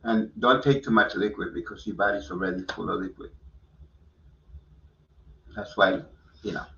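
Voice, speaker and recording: A man's voice: deep voice, steady tone, normal speed, vocal fry, distant mic, noisy background. A man hosting a casual live stream, laid-back and easygoing. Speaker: host. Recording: echoey lo-fi audio from off-mic.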